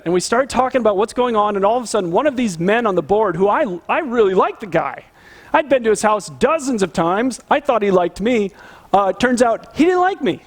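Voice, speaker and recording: A middle-aged man, a pastor, preaching a sermon and telling a personal story in an animated, earnest way. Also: sits high.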